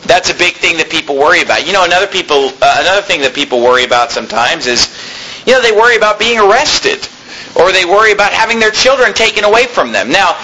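A man preaching a sermon, reading old scripture slowly and then explaining it in plain, casual talk. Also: high-pitched, sharp tone, slight background noise, poor audio.

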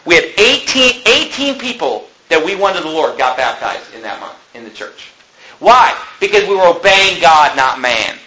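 Young guy preaching hard, high bright voice, jokey then yelling. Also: very animated, normal speed, slight background noise, rough recording. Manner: impassioned, swings between joking and shouting. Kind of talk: fiery sermon.

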